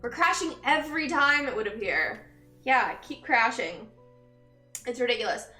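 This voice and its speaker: A woman's voice: a little high, animated, moderate pace, pushed and bright, soft background music. A young woman streaming casually, chatting with viewers, laughing often and greeting them upbeat. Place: empty room, indoors. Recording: echoey empty room.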